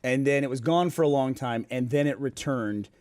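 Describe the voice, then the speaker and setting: A man's voice: mid-range voice, darkish tone, no echo, clean studio sound. A middle-aged man hosting a podcast in casual chat, teasing and laughing often. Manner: laughing, teasing, quick to joke. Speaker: podcast host.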